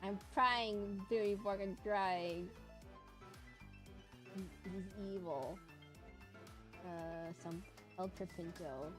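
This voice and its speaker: A woman's voice: medium pitch, very slow, pauses often, music in the background. A woman streamer chatting casually with her viewers while drawing, giggly and rambling. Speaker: livestreamer.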